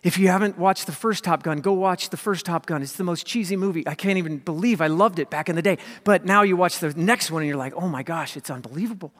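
A man preaching a sermon as pastor, swinging from loud emphasis to hushed whispers. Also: high-pitched, fast talker, hardly any pauses. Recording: long hall reverb.

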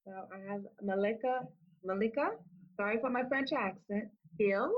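A woman's voice: medium pitch, normal speed, slight background noise. A woman guest on a ministry show who reads out names and laughs easily. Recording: dull lo-fi sound.

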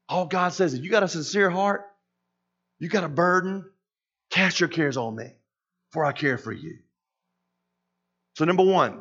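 High-voiced pastor preaching, lo-fi sound. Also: male voice, a little slow. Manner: animated, acts out voices of Moses and God. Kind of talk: sermon. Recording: dull lo-fi sound.

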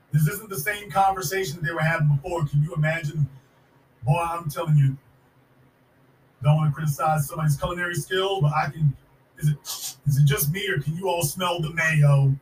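Fired-up high-voiced man in echoey room. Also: normal speed, far from the mic, slight background noise. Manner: fiery, sarcastic, repeats points for emphasis. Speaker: podcast host. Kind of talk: political commentary monologue.

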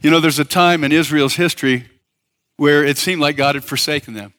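A male pastor delivering a sermon at a church service, his voice bright and a bit higher than most men's. He preaches emphatically, tosses questions out to the congregation for them to answer, and often stumbles and restarts his phrases. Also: steady tone, a little fast. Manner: emphatic, with call-and-response and many restarts.

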